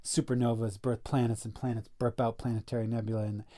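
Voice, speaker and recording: A man telling a personal story as a podcast guest, earnest and animated, often saying "like" and correcting himself mid-sentence. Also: mid-range voice, fast. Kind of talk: casual storytelling in a podcast conversation.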